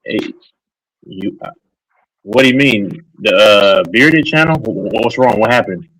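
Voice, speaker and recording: A man with a lowish voice talks loosely on a live stream, wandering between topics and joking at the chat. His speech is unhurried and conversational. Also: fairly bright tone, low-quality recording. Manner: rambling, joking, reads and answers chat.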